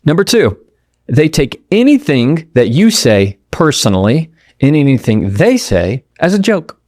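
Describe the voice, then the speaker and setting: A man's voice: fairly high pitch, big pitch swings, darkish tone, no room sound, studio quality. A man hosting his own podcast, giving an emphatic motivational talk straight to the listener with rhetorical questions. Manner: acts out quoted people in quick asides. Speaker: podcast host.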